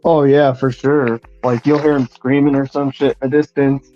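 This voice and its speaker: Relaxed, mellow-voiced man chatting casually, dull dry sound, faint music. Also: medium pitch, normal speed. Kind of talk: casual chat.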